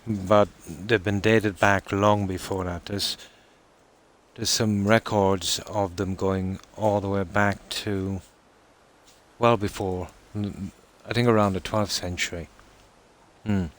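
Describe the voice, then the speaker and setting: An Irish man chatting casually on a live stream, reading out and answering viewer comments in a relaxed, talkative way. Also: fairly low pitch, slow. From Ireland.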